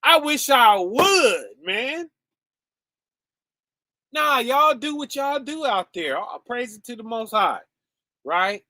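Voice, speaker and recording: A man preaching casually over a stream, conversational and relaxed, often checking in with "right?" and "okay?" and calling his listeners "y'all" and "fam". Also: very high-pitched, takes it slowly, pauses often, no echo, clean studio sound.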